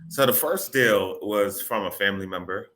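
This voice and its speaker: A man from the Boston area, a real estate broker, telling his story as an interview guest in an animated, casual way, repeating words and using informal grammar. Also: lowish voice, moderate pace. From Boston area, Massachusetts.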